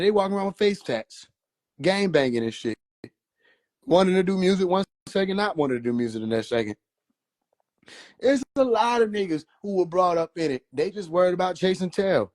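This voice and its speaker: A man's voice: sits high, darkish tone, no echo, clean studio sound. A man telling a loose, profane story on a phone livestream, laughing often as he talks. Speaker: livestream host.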